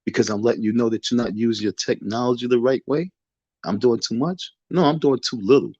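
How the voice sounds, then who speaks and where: A man's voice: mid-range voice, fairly quick, a little mellow, no echo, muffled recording. A man hosting a livestream from his bedroom, talking into a phone in a defiant, repetitive, sermon-like way. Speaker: livestream host. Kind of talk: casual preachy livestream rant. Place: bedroom in the dark.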